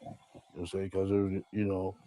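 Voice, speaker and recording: A man's voice: deep voice, fast talker, no room sound, low-quality recording. A man telling stories in an interview, acting out what others said with crude language. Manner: animated, acts out quotes, profane. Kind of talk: interview storytelling.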